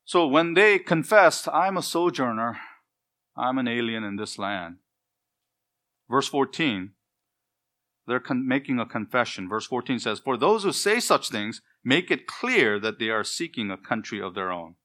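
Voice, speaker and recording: A man's voice: mid-range voice, animated, measured pace, pushed and bright. Earnest emphatic preacher, male. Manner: earnest, emphatic, builds phrases in lists. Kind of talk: expository sermon.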